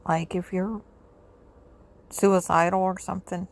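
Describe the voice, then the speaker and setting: A reviewer with a gravelly, creaky voice delivers sarcastic commentary. The tone stays blunt and exasperated, broken by tired sighs. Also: mid-range voice, flat delivery, measured pace.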